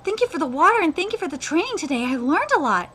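A woman's voice: extremely high pitch, sing-song, fast talker, fairly bright tone, voice pushed up, exaggerated voice. A woman reading aloud the lines of an earnest, humble teenage boy swordsman, in her own everyday voice. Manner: reads manga dialogue aloud in her own voice.

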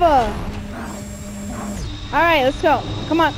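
Woman, high voice, slow unhurried delivery, excitable let's-play commentary, game music behind. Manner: excitable, squealing and cheering during fights. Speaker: gamer playing a video game.

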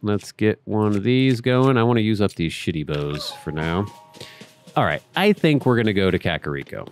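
A man's voice: fairly low pitch, lively intonation, normal speed, soft background music. A man hosting a let's play, chatting casually through his gameplay and talking to the game characters and his viewers.

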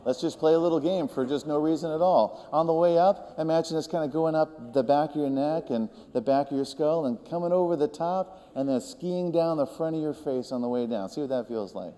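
A man leading a group through vocal warm-ups, talking gently and encouragingly and singing short demonstration notes. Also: on the high side, brisk, hardly any pauses. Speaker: vocal coach. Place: large hall with a group of singers. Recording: reverberant hall, faint room hum.

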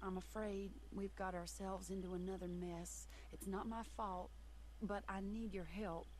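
A woman's voice: medium pitch, level tone, unhurried, darkish tone, slight background noise, close to an everyday voice. An actress playing a regretful young woman who writes to an old flame for help, reading her letter with earnest longing. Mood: wistful. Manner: earnest, wistful, pleading. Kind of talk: video game voice acting, letter read aloud.

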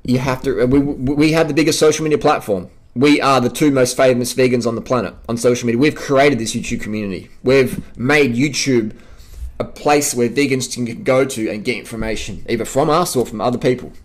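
A man's voice: mid-range voice, brisk. An Australian man vlogging an unscripted rant, emphatic and profane, hammering his points by repeating phrases. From South Australia.

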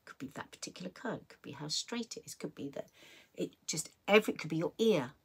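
A woman's voice: low voice, lively intonation, fast, slightly rough. A middle-aged woman hosting a live chat, reading out viewer messages and giving earnest, encouraging advice with many restarts. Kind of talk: heartfelt live-stream chat.

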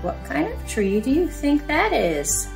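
A middle-aged woman leading a toddler storytime at the library, talking in a slow, deliberate, sing-song way as she reads aloud. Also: sits high, sing-song, gravelly, darkish tone, far from the mic, faint music behind. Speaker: children's librarian. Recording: roomy echo.

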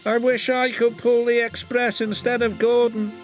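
Man playing an eager young steam engine, high-pitched, wondering, hopeful, bright storybook voice. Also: measured pace, faint music behind.

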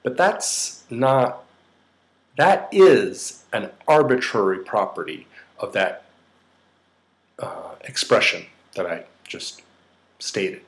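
A man's voice: fairly low pitch, big pitch swings, slow, long pauses. A middle-aged man with a slight New York accent, explaining ideas in a casual lecture with frequent fillers and restarts. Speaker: psychotherapist teaching a course.

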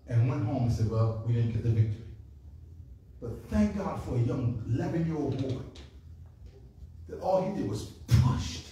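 A man preaching at a revival, telling Bible stories in a lively, conversational way and acting out the voices of the people in them. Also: mid-range voice, moderate pace, pauses often, muffled recording, slight background noise. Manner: animated storytelling with acted-out voices, says "man" often. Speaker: pastor. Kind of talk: revival sermon. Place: church sanctuary. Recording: echoey room from a distance.

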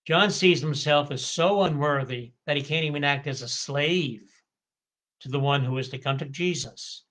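Male priest teaching scripture, measured and deliberate, bright clear tone, leans on key words. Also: a little high. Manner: slow, deliberate explanation with stretched emphasis on key words; occasional stumbles and self-corrections. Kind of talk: scripture study lecture.

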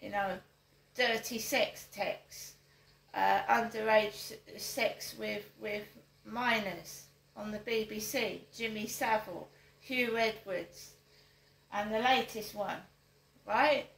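Slow, emphatic older woman. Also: mid-range voice, creaky, a bit bright, roomy sound, slight background noise, rough recording. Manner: emphatic, repeats her points as rhetorical questions. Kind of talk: direct-to-camera monologue.

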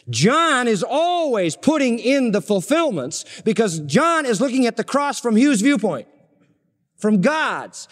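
An older man preaching an expository sermon, swinging from loud emphasis to hushed, low lines. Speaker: pastor. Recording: reverberant hall recording.

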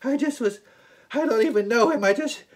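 A man's voice: on the high side, monotone, normal speed, dark tone, natural voice. A man putting on the voice of a nervous, pleading middle-aged man. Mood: panicked. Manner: pleading, jittery.

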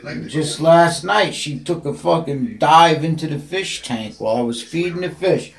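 Man on the high side, gravelly, talks to his cats in cooing baby talk at home on a phone. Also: animated, normal speed. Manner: coos in high baby talk to the cats, then plain chatty asides. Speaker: cat owner filming his pets. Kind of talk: casual home video, talking to cats. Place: home bathroom, indoors.

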